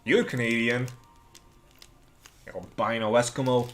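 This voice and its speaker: A man's voice: medium pitch, steady tone, measured pace, a bit bright, soft background music. Man muttering dry asides on a live stream. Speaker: livestream host. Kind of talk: casual live-stream chat.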